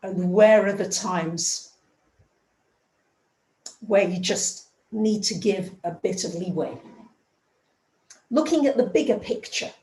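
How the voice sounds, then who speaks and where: A woman's voice: mid-range voice, slow pace, pauses often, warm tone. Chatty woman in an echoey room. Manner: chatty storytelling, acts out dialogue. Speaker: astrologer. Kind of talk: casual spoken astrology talk.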